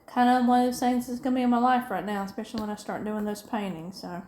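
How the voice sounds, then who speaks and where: A woman's voice: a little high, little pitch movement, fast, darkish tone. A middle-aged woman with a Southern US accent from upstate South Carolina, chatting in a rambling, folksy way while she crafts. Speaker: diamond painting vlogger.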